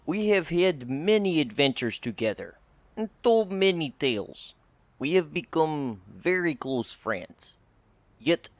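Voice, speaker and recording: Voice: mid-range voice, dry recording. A man voicing a grandiose male adventurer with a put-on accent, giving a solemn, theatrical speech. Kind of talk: tabletop role-play.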